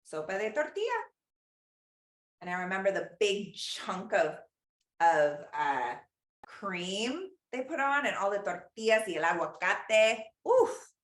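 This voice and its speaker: A woman leads a cooking lesson, talking slowly and chattily and slipping Spanish phrases in between her stories. Her voice sits in a middling range. The kitchen around her is bare and echoey. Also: mid-range voice, a bit bright. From Los Angeles. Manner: chatty storyteller, mixes in Spanish words. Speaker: cooking class instructor. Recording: echoey room.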